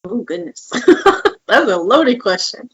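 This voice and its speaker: A woman's voice: a little high, sing-song, slow pace, gravelly, a bit bright, husky, low-quality recording. A woman in her twenties co-hosting a podcast, telling candid personal stories in casual chat and acting out quoted lines. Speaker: podcast co-host.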